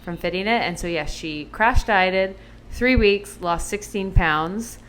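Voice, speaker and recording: A woman's voice: medium pitch, unhurried, a bit bright, a little hiss or hum. A woman co-hosting a podcast in casual chat, talking loosely with lots of fillers while recovering from surgery and still on medication. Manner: chatty, lots of "like" fillers, laughs often. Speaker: podcast co-host.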